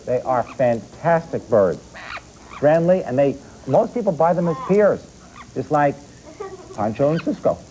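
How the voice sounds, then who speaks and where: Man, pet expert guest, teaching children, asks them questions, mellow relaxed voice. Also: a little high, a little slow, slight background noise, low-quality recording. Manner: explanatory, addresses children directly with questions. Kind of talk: explaining animals to children on TV. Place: TV studio with children.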